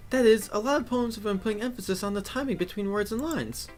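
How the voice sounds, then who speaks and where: A cheerful teen girl club president from a visual novel game, speaking up high and with confidence, put on by a man reading every part. She gives friendly advice in a lively, upbeat way. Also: quick pace, faint music behind, lightly acted.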